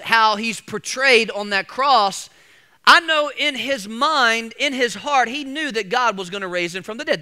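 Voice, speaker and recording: Bright, lively-pitched preaching man. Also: clear, resonant tone. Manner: preaching with calls to the congregation; slow emphatic repetition. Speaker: pastor. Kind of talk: sermon.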